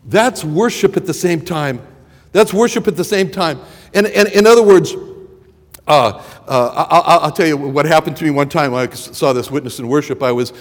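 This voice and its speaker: A man's voice: on the high side, big-room sound. A man preaching a sermon and telling a personal story, rambling and stumbling over the first words of his sentences. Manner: rambling, repeats words when starting sentences.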